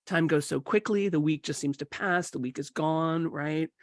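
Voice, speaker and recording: Speaking in a deep voice roughened a little by a cold, a woman coach hosts a live online workshop. She keeps things casual but slows down for guided breathing, and the studio-quality recording is dry.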